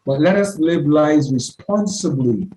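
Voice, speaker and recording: A man's voice: a little high, expressive, measured pace, dark tone, echoey room, slight background noise, poor audio. A man leading an evening class discussion, earnest and self-deprecating, often repeating his words. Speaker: class leader. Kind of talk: teaching discussion.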